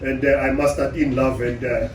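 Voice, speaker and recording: A South African man giving an animated motivational talk on relationships to an audience. He acts out the voices of the people he quotes. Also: sits high, moderate pace. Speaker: relationship speaker. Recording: echoey room, distant mic, faint hum.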